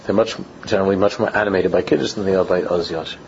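A man teaching a Torah class, telling anecdotes and acting out dialogues, mixing Yiddish and Hebrew terms into his talk. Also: rapid-fire. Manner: animated storytelling, acts out dialogues in pitch jumps. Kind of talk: Talmudic-style lecture with anecdotes. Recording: lo-fi recording with faint background noise.

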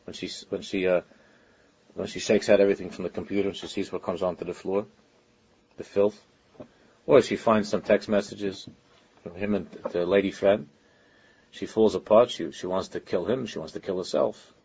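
A man's voice: low-pitched, steady tone, moderate pace, pauses often, darkish tone, breathy edge, highs cut off. A man giving an informal Torah lecture as a religious teacher, talking earnestly and conversationally and often stopping to restart his sentences.

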